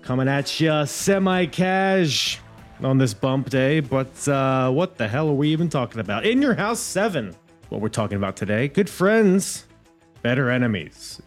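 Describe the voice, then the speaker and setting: A man hosting a wrestling podcast in a casual, rambling, jokey way, with loud bursts and sudden quiet drops. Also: medium pitch, big pitch swings, moderate pace, soft background music. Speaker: podcast host.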